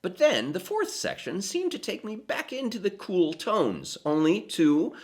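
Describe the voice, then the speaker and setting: A man giving scripted, explanatory narration as a theatre presenter, with a deliberate, emphatic storytelling cadence. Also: sits high, sing-song.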